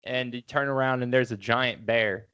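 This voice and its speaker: A man with a mid-range voice co-hosts a podcast in relaxed, casual conversation. He talks playfully and likes to set up goofy hypothetical situations for his co-host. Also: medium pitch, moderate pace, clean tone, muffled recording. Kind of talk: casual chat.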